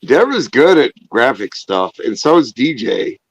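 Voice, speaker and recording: A man's voice: medium pitch, sing-song, moderate pace, breathy edge, no echo. A man hosting a casual live-stream chat over a video call, joking and laughing often. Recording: dull lo-fi stream audio.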